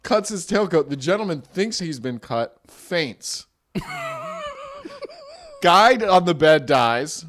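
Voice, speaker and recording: A man's voice: a little high, lively intonation, slow, long pauses, fairly bright tone. A man co-hosting a comedy podcast, telling a story in casual chat, laughing often and acting out quoted lines. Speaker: podcast co-host.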